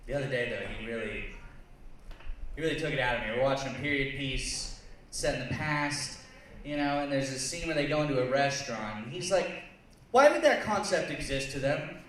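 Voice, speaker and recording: A man's voice: medium pitch, brisk, fairly bright tone. A man performing a stand-up comedy set in a bar, crude, rambling and self-mocking. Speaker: stand-up comic and co-host. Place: bar lounge stage. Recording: echoey bar room, faint noise, distant mic.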